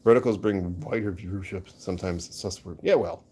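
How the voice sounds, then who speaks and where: Low and a bit dark in tone, he talks briskly while hanging out with his stream audience. Replying to chat, he stays chatty and jokey, often turning the joke on himself.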